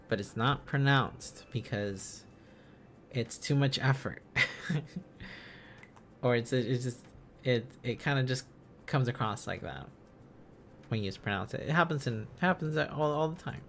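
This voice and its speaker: A man's voice: medium pitch, slight background noise. A man streaming casually, thinking aloud as he learns, sounding out syllables and chuckling often.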